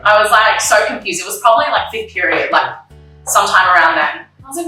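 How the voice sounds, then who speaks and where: A young woman speaks openly in a bright voice, full of likes and ums, often acting out what she and others said back then. She sounds a little off the microphone, in a very echoey room. Faint music plays under her. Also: mid-range voice, lively intonation, brisk, recorded from a distance. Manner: candid, emotional, retells her own past dialogue, many likes and ums. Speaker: interview guest. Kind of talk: personal conversation about grief.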